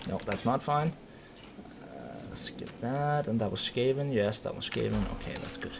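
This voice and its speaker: A man's voice: mid-range voice, moderate pace, vocal fry, background noise. A young man from Denmark live-streaming a video game, reacting with swearing and yelps, then explaining game mechanics. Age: 20s. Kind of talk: casual live-stream gaming chat.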